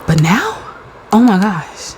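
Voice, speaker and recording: A woman giving a casual pick-a-card tarot reading, excitable and playful, with slang and free swearing. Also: mid-range voice, slow, a little hiss or hum, low-quality recording.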